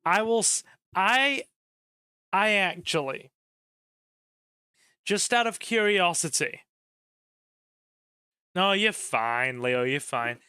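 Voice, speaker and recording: Bright, clear-voiced man streaming. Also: high-pitched, slow, pauses often, no room sound, clean studio sound. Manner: chatty, talks straight to viewers, bursts into excitement. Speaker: gaming streamer. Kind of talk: casual live-stream chat over gameplay.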